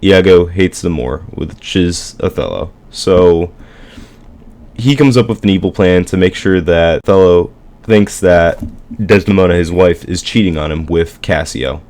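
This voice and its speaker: A man's voice: low-pitched, measured pace, darkish tone. A man casually retelling a story for a school project, rambling with lots of fillers and slang. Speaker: student presenting a school project.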